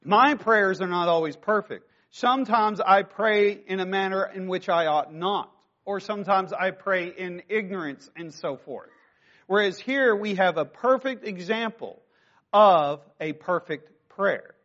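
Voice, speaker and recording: A man delivers a sermon in a notably high-pitched voice, speaking conversationally as a pastor and peppering his teaching with rhetorical questions. The recording sounds slightly dull and lo-fi. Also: unhurried, a bit bright.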